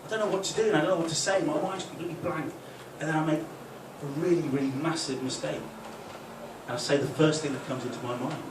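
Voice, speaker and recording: A man's voice: on the high side, fairly even intonation, fast talker. Male stand-up comic, storytelling set, distant mic in an echoey, noisy club room. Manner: storytelling with frequent "right?" tags. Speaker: stand-up comedian. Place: football club function room with a live audience.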